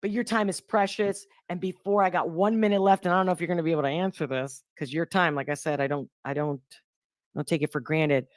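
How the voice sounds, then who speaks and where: A woman's voice: sits low, fairly even intonation, a little fast, no room sound, studio quality. A woman interviewing a guest in casual conversation, who talks emphatically and acts out the voices of people she quotes. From grew up in Europe.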